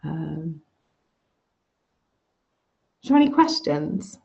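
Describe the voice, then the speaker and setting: Woman course teacher, frank casual lecturer, dark warm tone, lo-fi call sound. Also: sits low, very animated, extremely slow, gravelly, a little hiss or hum. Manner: chatty, frank, restarts phrases. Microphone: video call. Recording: dull lo-fi video call audio.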